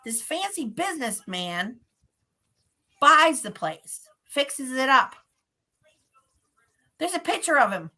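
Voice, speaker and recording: High, bright-voiced woman telling stories. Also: slow, pauses often. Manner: lively, laughs often, acts out dialogue. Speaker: guest psychic medium. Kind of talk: animated storytelling.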